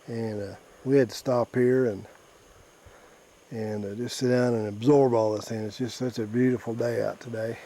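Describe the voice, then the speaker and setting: A man with an average-pitched voice narrates his motorcycle trip in a folksy, rambling way. He is outdoors on a rural mountain route, recorded on a helmet camera. Faint outdoor noise sits behind him. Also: fairly even intonation, normal speed, mellow. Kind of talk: casual travel vlog narration.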